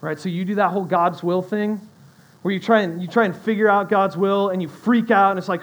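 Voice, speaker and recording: A young man with a high voice preaching a sermon. He talks conversationally and breaks into animated asides with his listeners. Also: fast talker, lo-fi sound. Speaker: pastor.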